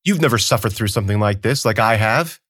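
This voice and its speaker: A man's voice: on the low side, animated, fast talker, a bit bright, breathy edge, no echo, studio quality. A man playing a sneering, arrogant emperor. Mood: scornful. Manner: sneering, theatrical. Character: arrogant contemptuous male emperor, bored and scornful. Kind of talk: audiobook character voice.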